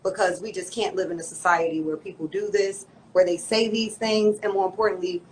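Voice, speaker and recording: A woman's voice: mid-range voice, steady tone, fairly quick, slight background noise, poor audio. A woman attorney making a firm, formal public statement in defense of her client.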